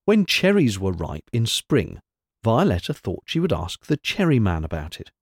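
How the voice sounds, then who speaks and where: A man reading a storybook aloud in an expressive, animated way. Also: on the low side, moderate pace, breathy edge, no room sound, studio quality. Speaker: narrator.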